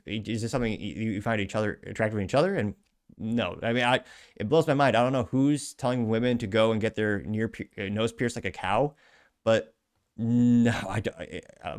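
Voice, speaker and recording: A man's voice: fairly low pitch, smooth. A man hosting a podcast, reading out social media posts with sarcastic, rambling asides. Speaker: podcast host.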